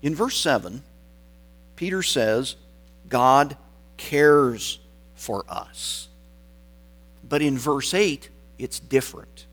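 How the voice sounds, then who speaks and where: Slow, deliberate male preacher. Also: fairly high pitch, husky, low-quality recording. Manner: deliberate, emphatic phrasing with dramatic pauses. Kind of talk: sermon.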